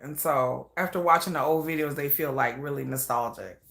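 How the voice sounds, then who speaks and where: A woman giving casual live reaction commentary, chatty, trailing off into soft murmurs and then jumping into excited bursts. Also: low-pitched, fairly quick, vocal fry.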